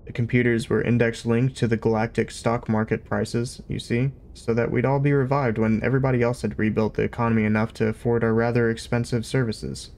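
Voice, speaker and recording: A man voicing a polite, wistful old alien man who speaks slowly and vaguely. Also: mid-range voice, little pitch movement, lightly acted. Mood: mild rambling. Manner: slow, polite, gently rambling.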